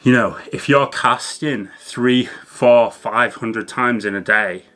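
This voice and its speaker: Bright-voiced man explaining fishing gear. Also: medium pitch, slow pace. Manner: chatty, loose with fillers and restarts. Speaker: fishing channel host. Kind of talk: casual educational talk to camera.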